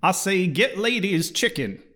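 A man's voice: sits high, very animated, a little slow, a bit bright, heavily acted. Foghorn Leghorn impression by a man. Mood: blustering. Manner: drawling, repeating "I say, boy". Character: blustering cartoon rooster, Southern drawl.

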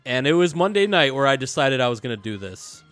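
A man hosting a casual fantasy football podcast, animated and laughing often, repeating himself as he talks. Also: mid-range voice, brisk, faint music behind. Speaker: podcast host.

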